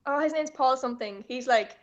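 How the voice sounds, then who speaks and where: A young woman from Ireland with an Irish accent, a guest in a casual online chat, relaxed, unsure of herself and quick to giggle. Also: high voice, highs cut off.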